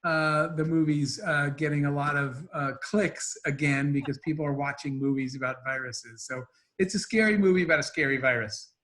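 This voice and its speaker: Man, raised voice, entrepreneur guest; spins animated anecdotes, acts out dialogue. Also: a little high, moderate pace, hardly any pauses. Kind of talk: storytelling interview talk.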